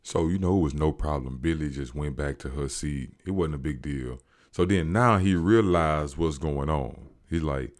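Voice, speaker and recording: Deep-voiced man, slangy animated recap. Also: normal speed. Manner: animated, slangy, acts out quotes. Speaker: show recapper. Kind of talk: casual storytelling recap.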